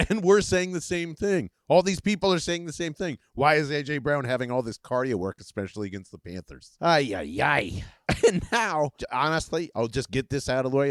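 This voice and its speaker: A man's voice: on the low side, no echo, clean studio sound. A man hosting a casual solo sports podcast from his bed, rambling, laughing often and swearing as he gets worked up. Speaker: podcast host. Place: in bed at home.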